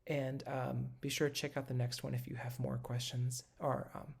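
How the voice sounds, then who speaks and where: Instructor talking through notation on video, relaxed and halting, with a fry in the voice. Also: medium pitch. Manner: casual and patient, many ums and self-corrections. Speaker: music instructor. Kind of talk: recorded lecture, talking while drawing notation.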